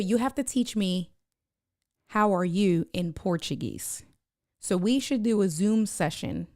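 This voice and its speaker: A woman's voice: on the low side, mellow, dry recording, studio quality. A woman live streamer chatting casually and rambling to her viewers, reading their chat messages aloud. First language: Spanish (bilingual).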